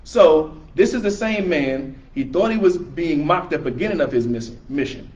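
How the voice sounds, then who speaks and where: A man's voice: a little high, expressive, normal speed, a little mellow, lo-fi sound. A man teaching a Quran class to a small group in a room, explaining each verse in plain conversational words. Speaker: religious teacher. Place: room with a small audience, filmed by camera.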